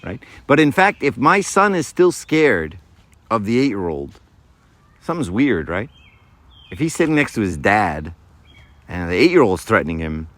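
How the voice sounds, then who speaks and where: Talking informally about faith to a young audience, a man in his fifties uses a medium-pitched, fairly bright, sing-song voice at a normal speed. "Right?" comes up again and again, and he acts out little scenes in changed voices.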